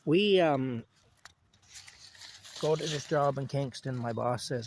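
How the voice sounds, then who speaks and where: Outdoors while picking strawberries, a storyteller rambles through a casual work anecdote, full of fillers and repeating himself as he goes. His mid-range voice takes its time, with a little hiss or hum in the recording.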